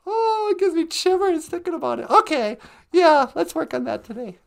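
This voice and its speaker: A woman co-hosting a podcast in casual chat, chatty and animated, quoting movie lines as she talks. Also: extremely high pitch, normal speed, vocal fry. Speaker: podcast co-host.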